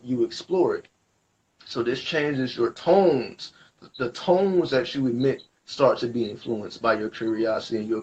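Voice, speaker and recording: Man, mid-pitched, casual spiritual reader, rambling slangy delivery, dull lo-fi recording. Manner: loose, rambling, slangy explanations. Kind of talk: casual spoken reading.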